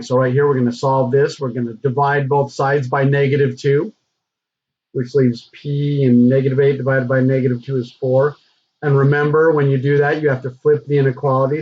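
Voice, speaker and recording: A male math teacher talks through a recorded lesson at a middle pitch. His voice is a little husky, and the recording has a dull, lo-fi sound. He keeps it relaxed and conversational, with plenty of fillers. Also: moderate pace.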